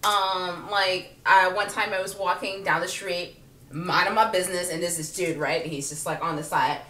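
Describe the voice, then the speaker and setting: A woman's voice: lowish voice, normal speed, roomy sound, recorded from a distance, slight background noise. A woman telling a comic personal story in a casual, sassy way, laughing often and acting out what people said. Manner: animated, sassy, laughs often, acts out quotes. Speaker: vlogger.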